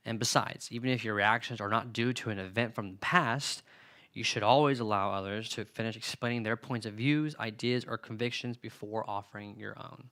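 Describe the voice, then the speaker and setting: Bright-voiced young male preacher. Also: fairly low pitch, fairly quick. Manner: earnest, conversational, acts out quoted dialogue. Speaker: youth preacher. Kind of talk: sermon-style teaching on a book.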